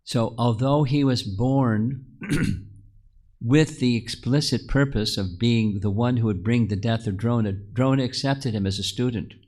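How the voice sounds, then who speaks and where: Before a live group, a man teaches scripture through storytelling, asking his listeners questions and frequently repeating or restarting his words. He speaks at a measured pace in a mid-range voice with a darkish tone.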